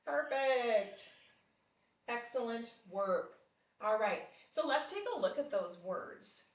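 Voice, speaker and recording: A woman teaching a one-on-one phonics lesson, patient and encouraging, with frequent praise and slow, deliberate sounding out of words. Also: mid-range voice, expressive, recorded from a distance. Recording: roomy sound from off mic.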